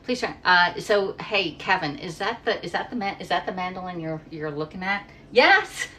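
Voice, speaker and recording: This woman's voice sits on the low side, animated and moderately paced, with a bright, forceful tone and a little hiss or hum. A middle-aged Pennsylvanian, she livestreams herself cooking in her home kitchen, rambling casually and reading viewer comments out loud.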